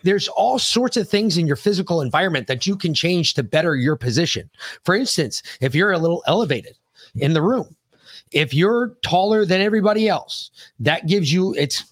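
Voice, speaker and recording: A man co-hosting a podcast, his voice pitched a little high and set in a dry, close sound. He tells long stories in a loose, profane way and jumps in to correct his co-host. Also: dry recording. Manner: animated, profane storyteller who cuts in to correct. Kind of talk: casual storytelling chat.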